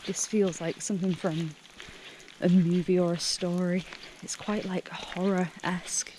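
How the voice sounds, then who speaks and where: A young woman, the hiking vlogger, talking casually to her handheld camera on a misty woodland trail outdoors, gushing and excitable, often laughing and dropping to hushed murmurs. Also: lowish voice, normal speed, slight background noise. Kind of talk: casual vlog narration while hiking.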